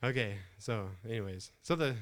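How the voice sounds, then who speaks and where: A middle-aged man preaching to a congregation, turning a personal story into a lesson. He laughs often and keeps things loose and animated. His voice sits in an ordinary middle pitch. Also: normal speed, background noise. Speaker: pastor. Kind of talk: humorous sermon storytelling.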